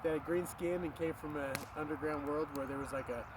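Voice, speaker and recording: A man telling a spooky childhood story outdoors in a rambling, animated way, swearing and breaking off for passing cars. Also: fairly high pitch, brisk. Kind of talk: casual outdoor storytelling to camera. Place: outdoors by a street. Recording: street traffic noise behind.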